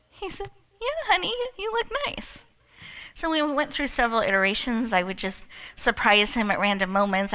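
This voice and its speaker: A woman emceeing a live event, telling a playful story and leading the audience with lots of laughter. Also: medium pitch. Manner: animated, laughs often, leads the crowd.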